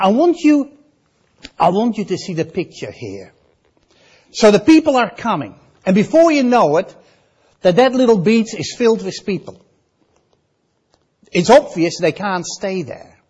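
The sermon comes from a man with a husky, Dutch-accented voice, high for a man and full of rising and falling pitch, heard through dull audio. Unhurried in pace, he alternates dramatically between forceful emphasis and soft asides.

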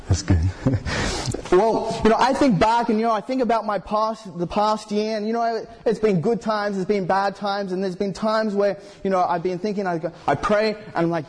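A man's voice: high voice, a little fast, darkish tone. A man preaching a sermon in a conversational way, full of "you know" fillers and questions put to the congregation.

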